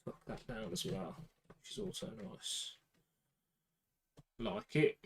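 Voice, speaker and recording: A man's voice: lowish voice, huge pitch swings, takes it slowly, a bit bright, slight background noise, rough recording. A man with a British accent chatting casually to himself and the camera while building a computer, with muttered asides. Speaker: PC builder vlogger.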